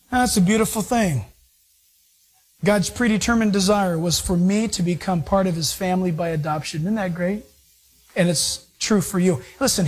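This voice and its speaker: A preacher delivering a sermon, emphatic, moving between excited highs and low, earnest tones. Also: slightly rough.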